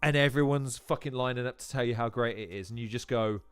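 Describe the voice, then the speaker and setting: A man's voice: mid-range voice, quick pace, smooth. Profane rambling male stream host. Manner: profane, rambling, animated tangents. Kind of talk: live-stream watch-along commentary.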